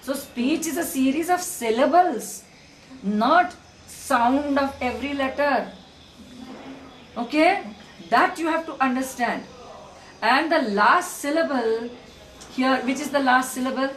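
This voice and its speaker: A woman speech therapist with an Indian English accent, coaching a child one-on-one with firm, repetitive instructions and letters spelled out slowly. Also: sits high, reverberant, low-quality recording.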